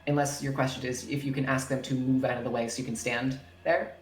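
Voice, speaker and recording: A woman's voice: rumbling low, level tone, fast talker. A woman narrating as dungeon master in casual chat, swearing freely and using many fillers. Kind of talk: narrating a tabletop game. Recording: roomy echo with faint music.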